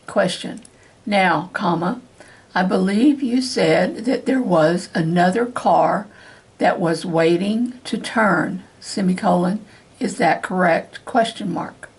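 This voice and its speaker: A woman reading a question-and-answer transcript aloud as dictation practice, speaking every punctuation mark in a slow, deliberate, even way. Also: on the low side, slightly rough. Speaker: dictation reader for court reporting practice.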